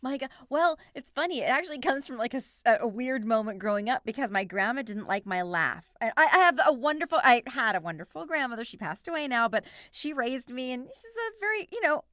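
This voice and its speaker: Animated, higher-voiced woman storyteller. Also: brisk, few pauses, no room sound, studio quality. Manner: animated storytelling with laughs and vocal noises. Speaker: voice actor guest. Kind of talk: casual interview chat.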